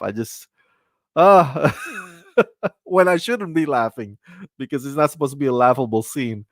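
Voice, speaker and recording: A man's voice: medium pitch, no room sound. A man hosting his own channel, reviewing a TV episode in a casual, rambling way, full of restarts. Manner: rambling and animated, with many restarts and bursts of laughter.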